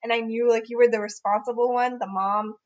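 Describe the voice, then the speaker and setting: A young woman with a fairly high voice talks in loose, rambling casual chat, full of "like" and restarts. The audio sounds a little dull and lo-fi, as if over a remote call. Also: steady tone, fairly quick. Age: young adult. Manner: rambling, lots of fillers and restarts. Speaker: podcast co-host. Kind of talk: casual chat among friends.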